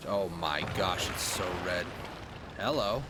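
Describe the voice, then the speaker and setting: A man's voice: sits low, animated, slow pace. Young man, casual streamer commentary, joking, game noise under his voice. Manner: chatty, joking asides to viewers.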